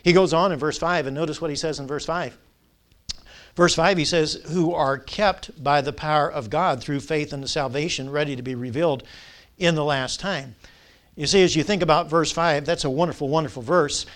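High-voiced preacher, call-and-response. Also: male voice, normal speed, a bit bright. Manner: preaching, emphatic, drawing out key words. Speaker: pastor. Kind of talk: sermon.

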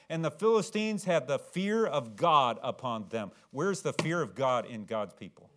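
A man preaching a sermon, swinging from low, earnest tones to loud, dramatic, acted-out shouts. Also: lively intonation, normal speed, few pauses.

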